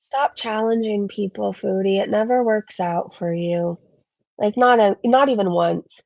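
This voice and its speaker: A woman's voice: mid-range voice, moderate pace, creaky, darkish tone, no room sound, dull audio. A woman hosting a casual live-stream commentary, chatty and rambling as she reads super chats. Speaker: commentary channel host.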